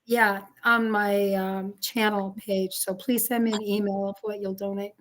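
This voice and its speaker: A woman's voice: medium pitch, flat delivery, a little slow. A woman co-hosting a live stream, chatting casually and chiming in with encouraging agreements. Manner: encouraging, frequent short agreements and laughs. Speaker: co-host of a live chat stream. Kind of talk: casual chat.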